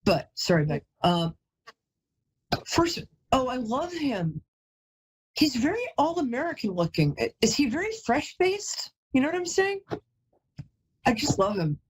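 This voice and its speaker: Her high, husky voice has a sing-song lilt, and she talks a little slowly with frequent pauses. She's a psychic medium hosting a live call-in reading, chatty and emotional, repeatedly breaking off mid-sentence to apologize. The audio is poor.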